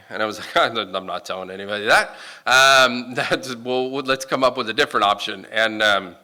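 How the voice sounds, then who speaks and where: A middle-aged man tells his personal recovery story to a meeting room, speaking haltingly with many restarts and breaking into self-mocking laughs. His voice is on the low side, pushed and bright.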